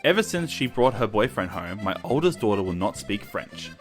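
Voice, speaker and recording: A man voicing a stern French father in an exaggerated, deliberately bad French accent, reading a story aloud. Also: fairly low pitch, sing-song, faint music behind. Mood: indignant. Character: over-the-top French dad, bad accent.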